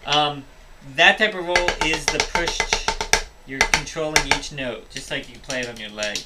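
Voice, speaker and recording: A man's voice: a little high, a little slow. A man teaching a drum lesson, explaining step by step and counting rhythms aloud. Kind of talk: instructional drum tutorial. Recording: loud music and drumming behind. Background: drum playing and music.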